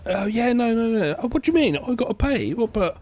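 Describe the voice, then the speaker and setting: A man's voice: extremely high pitch, big pitch swings, a little fast, a little mellow, voice pushed up. A man putting on the voice of a boastful male rapper who dodges a bill, mocking and crude.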